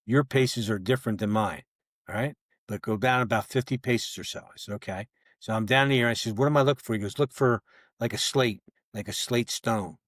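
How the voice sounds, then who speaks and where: In a podcast recording setup, an older man who once worked as a federal agent tells a long story, casually acting out both sides of old conversations. His voice is lowish, and the sound is clean studio audio with no room sound.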